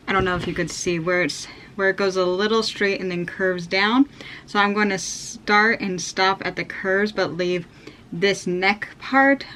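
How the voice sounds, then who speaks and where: A woman's voice: medium pitch, bright, forceful tone, slight background noise. An American woman in her thirties explaining a sewing project in a chatty, upbeat way, full of ums and likes. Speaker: sewing vlogger. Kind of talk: casual how-to chat.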